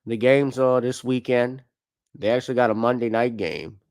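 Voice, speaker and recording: A man's voice: mid-range voice, fairly even intonation, normal speed, a little mellow, clear, resonant tone. A man hosting a casual show, chatting loosely about football and basketball, joking and swearing. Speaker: podcast host. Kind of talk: casual sports commentary.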